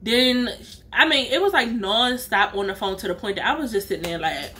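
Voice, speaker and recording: A woman vlogger telling a story in a casual, animated way, full of slang and emphatic asides. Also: fairly high pitch, brisk. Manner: acts out other people's lines in her own voice.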